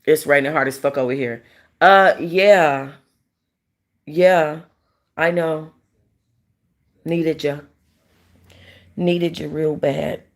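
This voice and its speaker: A woman's voice: low-pitched, steady tone, slow pace, pauses often. A woman hosting a casual livestream, talking bluntly to her chat, rambling and swearing freely. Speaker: livestream host.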